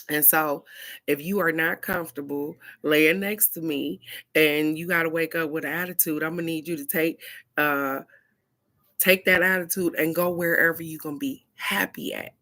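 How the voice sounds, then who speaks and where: A woman's voice: sits low, moderate pace. A woman hosting a casual talk, telling stories animatedly and speaking straight to her viewers with frank, casual swearing. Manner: animated storytelling, addresses viewers directly. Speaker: host of a card-of-the-day talk. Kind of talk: casual chat.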